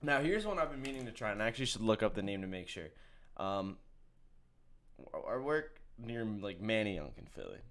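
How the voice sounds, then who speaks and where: A man's voice: lowish voice, big pitch swings, normal speed, fairly bright tone. A man co-hosting a sports show, bantering casually and laughing at his own jokes. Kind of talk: casual chat.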